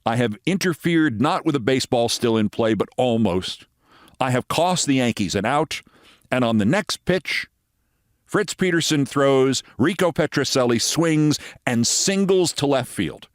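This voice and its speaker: A man's voice: medium pitch, expressive, unhurried, dry recording, clean studio sound. A man in his sixties, a show host, telling a personal story as a monologue with dramatic, emphatic delivery. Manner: dramatic, emphatic storytelling with sudden loud bursts.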